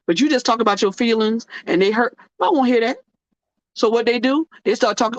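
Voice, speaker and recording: A woman's voice: a little high, a little fast, no echo. A woman hosting her own show, talking casually in a joking, sermon-like style. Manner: animated, joking, sermon-like cadence. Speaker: host. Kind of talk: casual preachy talk show monologue. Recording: dull lo-fi dry sound.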